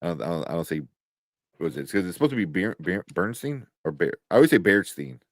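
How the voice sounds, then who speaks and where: A man's voice: low-pitched, fast, no echo, clean studio sound. A man co-hosting a live podcast stream, chatting loosely and rambling with frequent laughs. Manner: rambling, animated, laughs often. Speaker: podcast co-host. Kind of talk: casual chat on a live stream.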